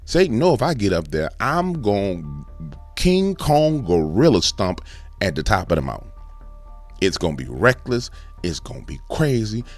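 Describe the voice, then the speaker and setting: A man hosting a commentary show, ranting in a fervent, animated way. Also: fairly low pitch, moderate pace, soft background music. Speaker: host. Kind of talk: fiery commentary vlog.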